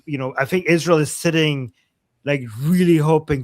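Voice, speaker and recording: A man co-hosting a live news stream, giving animated, opinionated commentary and teasing his co-host. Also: on the high side, normal speed, dry recording.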